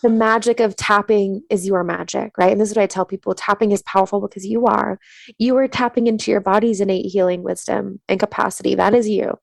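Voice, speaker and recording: A woman coaching a listener through a tapping exercise in a calm, soothing, slow voice, then explaining her practice. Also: mid-range voice, creaky, no echo. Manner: gentle affirming murmurs while listening. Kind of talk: guided tapping meditation and interview answers.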